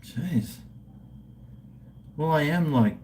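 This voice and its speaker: Slow-talking crude Australian man in his fifties. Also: a little high, animated, warm tone, slight background noise. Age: 50s. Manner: crude, joking, swearing; drinking and toasting viewers. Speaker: livestream host. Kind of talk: casual live-stream chat.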